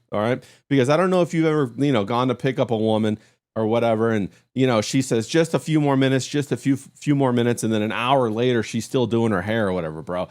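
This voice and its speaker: An American man hosting a podcast with brash, crude casual banter. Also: medium pitch. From United States. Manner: brash, says "bro" and "you know" a lot. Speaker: podcast host.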